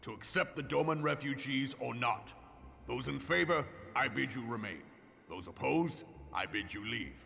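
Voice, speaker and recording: An actor playing a stern military commander in a game, with a gravelly voice and a formal, commanding way of speaking. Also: male voice, medium pitch, lively intonation, normal speed, sharp tone. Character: stern male military commander, steady leader. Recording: game cutscene with long reverb.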